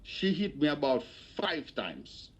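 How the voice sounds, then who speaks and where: A man giving testimony as a witness at an inquiry, speaking haltingly and repeating himself. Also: on the high side, huge pitch swings, breathy edge, muffled recording. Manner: halting, repetitive, hesitant. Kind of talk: spoken testimony.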